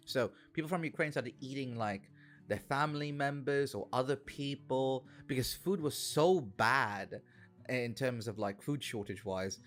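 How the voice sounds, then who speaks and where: A man chatting on a gaming stream, telling rambling stories in an animated way and swearing a lot. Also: medium pitch. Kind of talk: casual gaming stream chat.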